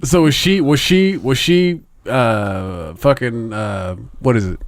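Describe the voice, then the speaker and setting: A man's voice: medium pitch, lively intonation, slow, no echo, studio quality. A man with a Southern US accent, co-hosting a podcast in casual chat, laughing often and swearing freely. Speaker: podcast co-host.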